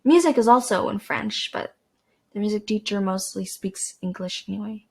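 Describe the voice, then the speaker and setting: A woman's voice: medium pitch, moderate pace, vocal fry, darkish tone, husky. A teenage girl from Canada, rambling casually to camera as a podcast host, with lots of fillers and restarts. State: dry throat.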